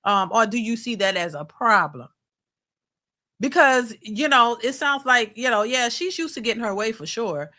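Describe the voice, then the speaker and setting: A middle-aged woman talks in a loose, rambling way, full of fillers and restarts. Her voice sits a little high and sounds bright. She hosts a reaction channel and chats casually as she reads out comments from her viewers. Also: expressive, moderate pace. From New Orleans, USA. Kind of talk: casual commentary reading live chat.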